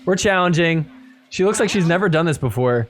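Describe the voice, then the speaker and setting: A man hosting a podcast, recapping match highlights in casual play-by-play style, chuckling often and doing quick voices for the players. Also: expressive, faint music behind. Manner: impersonates players in quick asides. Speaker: podcast host.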